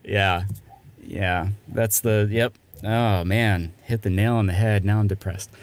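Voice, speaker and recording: A man's voice: on the low side, fairly even intonation, a little slow. A man hosting a comedy podcast, chatting casually and plugging things in an upbeat, self-deprecating way. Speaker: podcast host. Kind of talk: casual podcast chat and promo.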